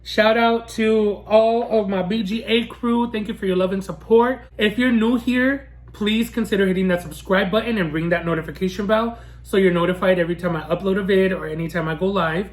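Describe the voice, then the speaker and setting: A woman's voice: medium pitch, steady tone, brisk, hardly any pauses. A woman food vlogger talking casually to camera in a sassy, ranting way and laughing often. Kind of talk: casual mukbang vlog chat.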